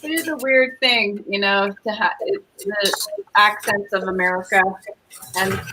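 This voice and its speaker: A woman co-hosting a casual online cooking chat, talking in an animated way and laughing easily. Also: medium pitch, unhurried, noisy background. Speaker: co-host.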